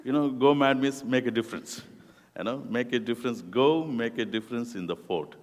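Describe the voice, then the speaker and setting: Speaking slowly and deliberately with non-native phrasing, this middle-aged Indian guest preacher, who directs a youth ministry, addresses a youth group. His pitch sits in the medium range. The church room is echoey, so his words trail off in long reverb.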